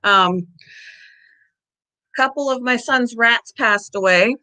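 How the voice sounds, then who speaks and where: A bright-voiced middle-aged woman talks casually to her viewers, a little out of breath. She chats loosely and slips into a high, cooing voice when she calls her pets. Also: slow, low-quality recording. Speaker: pet channel host. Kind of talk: casual live-stream chat.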